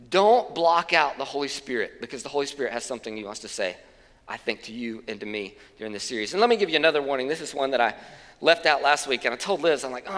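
A man's voice: on the high side, fairly bright tone, long reverb tail. A man preaching a sermon as pastor, in a conversational, plain-spoken way with casual asides, speaking from a church stage.

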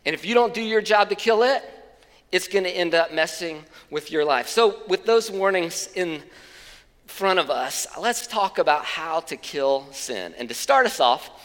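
A man's voice: sits high, expressive, measured pace, fairly bright tone, big-room sound. A man preaching a sermon as pastor, in a conversational, plain-spoken way with casual asides, speaking from a church stage.

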